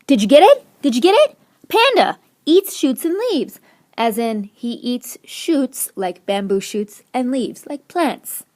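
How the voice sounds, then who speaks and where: Playful woman teacher, fairly high voice. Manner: playful, storytelling, emphatic. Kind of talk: recorded classroom lesson.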